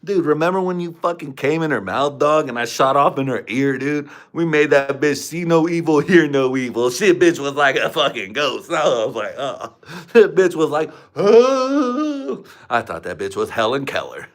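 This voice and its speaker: Guy ranting crude trash talk on his home stream, rambling, average pitch, desk mic. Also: expressive, moderate pace, hardly any pauses, fairly bright tone. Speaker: livestream host. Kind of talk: crude casual livestream chat. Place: room at home. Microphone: desk microphone.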